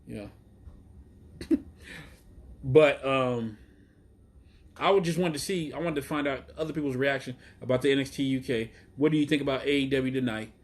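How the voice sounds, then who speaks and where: A man from Chicago hosting a casual live stream outdoors, talking in a profane, excitable, rambling way about wrestling. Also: medium pitch, normal speed, long pauses. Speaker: wrestling show host. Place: outdoors in the heat.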